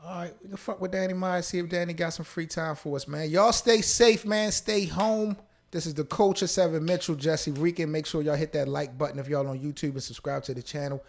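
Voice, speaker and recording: Gravelly-voiced man co-hosting a live stream. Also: fairly high pitch, steady tone, a little fast, hardly any pauses. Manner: laid-back slangy talk, ends phrases with "man". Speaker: co-host. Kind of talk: casual live-stream chat.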